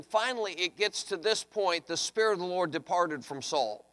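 A man preaching a sermon, reading scripture and acting out pleading voices with animated emphasis. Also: sits high, unhurried. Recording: long hall reverb.

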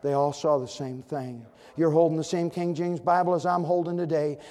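A man preaching a sermon as a visiting preacher, with a repeating cadence and swings from loud declaring down to hushed near-whispers. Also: fairly high pitch, fairly even intonation, normal speed, in a large hall.

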